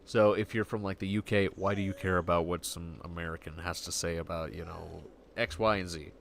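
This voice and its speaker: A man hosting a livestream, rambling in casual chat and acting out quick voices when quoting. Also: deep voice, fairly even intonation, vocal fry, a bit bright, slight background noise. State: getting hiccups. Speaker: livestream host.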